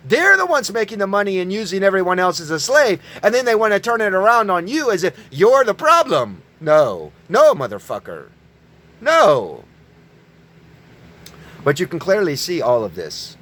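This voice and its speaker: A man giving an angry, profane religious rant, yelling at his listeners. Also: high voice, big pitch swings, fairly quick, few pauses. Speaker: online preacher.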